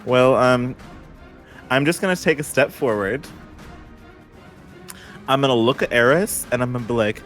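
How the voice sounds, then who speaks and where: A man chatting casually as a player in a tabletop game, rambling with quick jokes and asides. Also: mid-range voice, fairly bright tone, soft background music.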